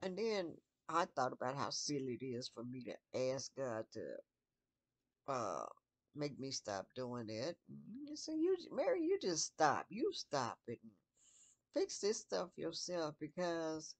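Older woman vlogger, slow and unhurried, thinking aloud at bedtime, rough fry in the voice. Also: very deep voice, sing-song, no echo. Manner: slow, musing, talking to herself with restarts. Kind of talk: relaxed bedtime vlog.

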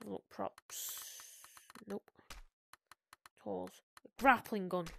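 A young woman giving chatty, excitable commentary while playing a VR game, swinging from muttering to sudden shrieks. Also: medium pitch, very slow, vocal fry. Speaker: gaming video creator. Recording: noisy gameplay recording.

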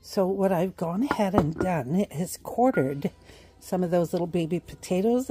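A woman's voice: on the low side, moderate pace, music in the background. A middle-aged woman hosting a home cooking show, chatting casually with fillers and little laughs as she cooks.

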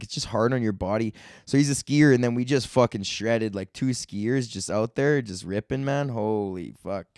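A man's voice: medium pitch, a little mellow, smooth, dry recording, studio quality. A young man hosting his own comedy podcast, rambling in a laid-back, profane, slangy way. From Canada. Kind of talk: casual solo rant.

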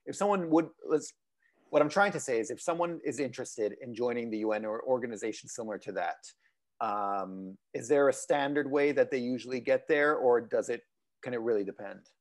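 Host, male, from Italian-speaking Switzerland, mid-pitched voice, loose questions that he keeps rewording. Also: fairly quick. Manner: rambling, rephrasing questions as he goes. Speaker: interviewer host. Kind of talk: conversational interview.

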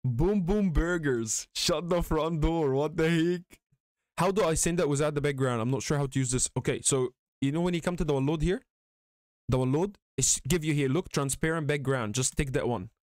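Excitable man streaming live. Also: fairly high pitch, brisk, no echo, studio quality. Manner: excitable, chatty, laughs often. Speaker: gaming streamer. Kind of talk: casual live-stream chat.

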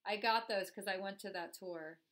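A woman's voice: mid-range voice, moderate pace, a bit bright. A woman vlogger with a cold, chatting casually and addressing her viewers directly as she reacts to a music video. Her talk is loose and conversational. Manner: chatty, talks straight to viewers as "guys". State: has a cold.

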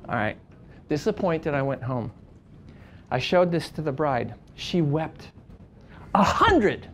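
A wedding photographer teaching a seminar, telling stories in an animated, conversational way with frequent restarts and big swings from quiet to loud. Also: male voice, on the high side, slow pace, long pauses. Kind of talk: lively storytelling lecture.

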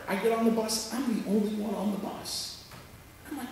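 A pastor tells a story in his sermon, animated and conversational, and often checks that listeners are following. His high, gravelly voice moves at a moderate pace and rings through a large, echoey church sanctuary, picked up from far from the mic with a little hiss or hum.

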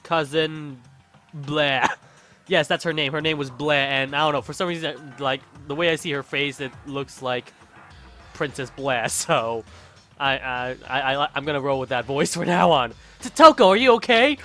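A man's voice: mid-range voice, fairly even intonation, normal speed, sharp tone, faint music behind. A man hosting a let's-play, reading and voicing a game with rambling asides, swearing and laughing between lines. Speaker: gaming channel host.

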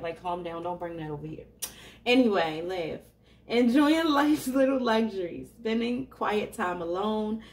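A woman with a slightly high voice does a tarot reading for her viewers, keeping it casual and chatty, laughing frequently and addressing them directly. Slight background noise, an echoey room, and a bit of distance from the mic mark the recording.

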